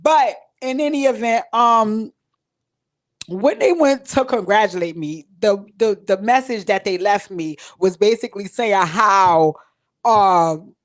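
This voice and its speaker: Woman host, casual live stream from home, direct and emotional with viewers. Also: a little high. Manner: emotional, talks to viewers directly, tearful at times. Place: home recording space.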